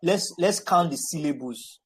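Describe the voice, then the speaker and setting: A man tutoring over a video call, patient and encouraging, breaking words into syllables slowly. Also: on the high side, lively intonation, breathy edge, low-quality recording. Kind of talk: online spelling and pronunciation lesson.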